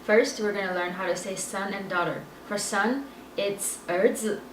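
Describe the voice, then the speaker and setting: A woman's voice: medium pitch, moderate pace, noisy background. Woman tutor going step by step, patient, far off the mic, roomy echo. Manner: patient, explains step by step, confirms with "right". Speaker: Chinese teacher. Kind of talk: casual language lesson.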